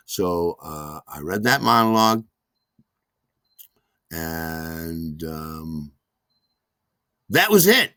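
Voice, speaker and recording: A man's voice: very deep voice, very animated, extremely slow, pauses often, bright, forceful tone, dry recording, clean studio sound. A man hosting a podcast, telling a rambling, self-deprecating personal story full of asides. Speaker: podcast host.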